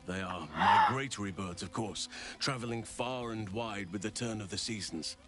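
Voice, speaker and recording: Male actor as a gentle old elf druid for a fantasy game, measured and soft, slightly low voice. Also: over loud music, close to an everyday voice. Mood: tender. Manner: soft-spoken, measured, warm. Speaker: game character.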